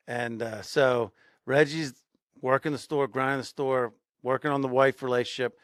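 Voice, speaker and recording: A man's voice: medium pitch, steady tone, moderate pace, fairly bright tone, dry recording, clean studio sound. A man co-hosting a podcast, telling a story casually and building suspense, often repeating phrases for emphasis. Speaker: podcast co-host.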